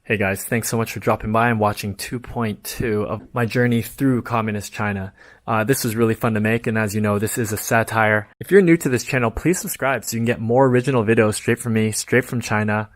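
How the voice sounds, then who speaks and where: A man's voice: lowish voice, fairly even intonation, fairly quick. A man filming himself in a shopping mall, giving sarcastic mock-outraged commentary with little chuckles. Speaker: vlogger. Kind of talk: satirical vlog, walking tour.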